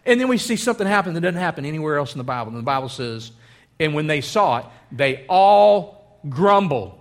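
A man preaching a sermon, animated, acting out the voices of the crowd. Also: a little high, very fast. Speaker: pastor.

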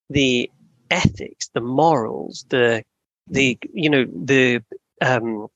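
A male podcast host talking in a reflective, halting way, often restarting his sentences. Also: medium pitch, fairly bright tone, dry recording, muffled recording. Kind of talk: casual conversation.

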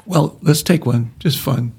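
A man hosting a relaxed discussion, wandering through his stories with frequent restarts. His voice is gravelly and husky, sitting at an ordinary middle pitch. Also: unhurried. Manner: rambling, many restarts, tells jokes and anecdotes. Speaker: podcast host. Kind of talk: casual discussion.

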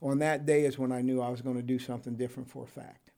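A man's voice: mid-range voice, level tone, quick pace, gravelly, mellow. Rambling older man telling his story. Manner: rambling, with frequent ums and restarts, laughs often. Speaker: interviewee, retired correctional officer. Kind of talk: storytelling interview.

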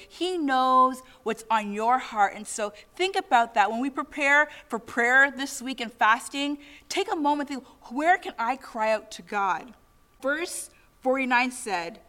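A woman's voice: high voice, sharp tone. A middle-aged woman preaching a sermon in an earnest way, asking the congregation many questions.

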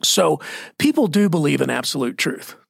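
A man's voice: a little high, very animated, normal speed, vocal fry, breathy edge, dry recording, studio quality. A man with a Texan accent talking bluntly and folksily about faith, laughing often. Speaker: Christian podcast guest. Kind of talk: casual faith discussion.

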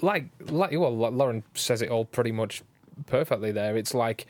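A man, co-hosting a podcast, telling stories in halting casual talk with many restarts. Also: medium pitch, darkish tone. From England. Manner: halting, restarts a lot, storytelling. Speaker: podcast co-host. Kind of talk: casual chat.

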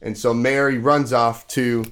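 A male podcast host, medium-pitched, smooth and a touch bright, keeps a level tone and a measured pace. He retells a Bible story to children in a loose, filler-filled way, regularly stopping to ask them questions.

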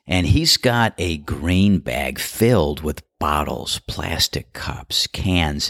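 A man's voice: very deep voice, fairly bright tone, dry recording, studio quality. A man hosting a podcast, casually telling anecdotes and laughing often as he goes. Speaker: podcast host. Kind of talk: casual storytelling monologue.

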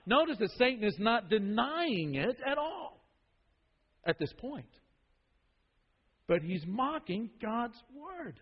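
A man with a high voice preaches a sermon, repeating phrases for emphasis and dropping to a hush before rising again. The sound is muffled and lo-fi. A long reverb trails his words through the hall. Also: very animated, slow pace, pauses often, slightly rough. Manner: emphatic, repeats phrases, swings from loud to hushed. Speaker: pastor.

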